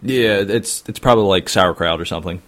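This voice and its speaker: A man's voice: low-pitched, fairly quick, fairly bright tone. A man co-hosting a comedy podcast, hesitant and stammering with rambling jokes. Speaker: co-host. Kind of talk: casual comedic chat.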